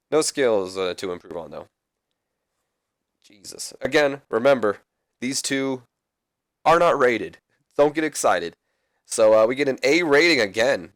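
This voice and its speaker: Casual gaming host, man, low voice, dry close mic, rambling recap. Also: dry recording. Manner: rambling, casual, mildly profane. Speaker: let's play host. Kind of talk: casual game commentary.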